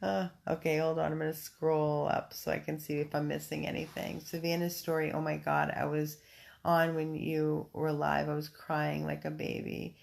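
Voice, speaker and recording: A woman's voice: deep voice, flat delivery, moderate pace, creaky. A woman hosting a casual livestream from home on her phone, reading viewer comments and chatting in an effusive way, full of ums and restarts. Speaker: dog rescue volunteer hosting a livestream.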